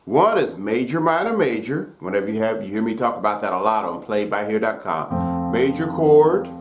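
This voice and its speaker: A man teaching gospel piano in a relaxed, folksy way, with many fillers and loud piano under his talk. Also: fairly low pitch, moderate pace. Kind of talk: casual piano lesson. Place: room with piano. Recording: roomy echo over loud piano.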